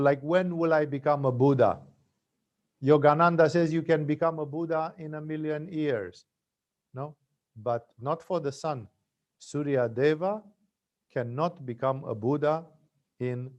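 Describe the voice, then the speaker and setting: A man's voice: medium pitch, a little mellow. A man teaching yoga, telling stories in a conversational spiritual talk with frequent tag questions.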